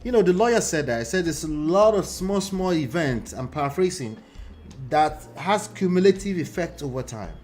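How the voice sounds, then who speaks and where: A man's voice: fairly high pitch, lively intonation, normal speed, darkish tone, soft background music. A man hosting a live reaction show, talking animatedly to his chat, often mocking and laughing.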